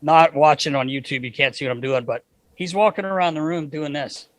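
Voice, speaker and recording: A middle-aged man spins a story on a podcast with real animation, throwing in voices and the odd curse. His voice sits fairly high for a man. The sound is dry and close, with no room around it. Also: fairly quick, dry recording. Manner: lively, acts out voices, swears freely. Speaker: podcast co-host.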